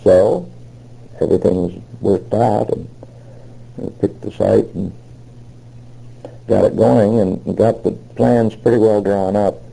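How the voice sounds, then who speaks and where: A man's voice: lowish voice, fairly even intonation, slow pace, vocal fry, pauses often, dark tone, husky, rough recording. An older man telling his memories in an oral history interview, rambling and retelling old conversations with many fillers. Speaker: interviewee recalling past work.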